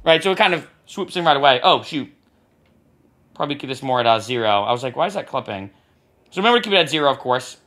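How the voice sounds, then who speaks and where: A man giving a casual music production tutorial, talking as he clicks through software and often tagging lines with "right?". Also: mid-range voice, animated, fast talker, a little hiss or hum. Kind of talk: screen-recorded software tutorial.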